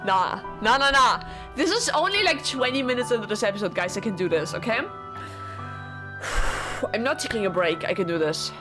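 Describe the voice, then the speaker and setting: A woman's voice: on the high side, animated, moderate pace, long pauses, music in the background. A woman streaming a blind visual novel playthrough, emotional and tearful, swearing often as she talks to her viewers.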